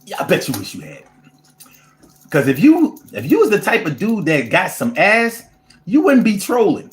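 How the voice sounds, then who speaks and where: A man hosting a casual show, talking to a live chat with animated, profane ranting, in a roomy-sounding space. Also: sits high, normal speed, a little hiss or hum. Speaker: show host. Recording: roomy echo.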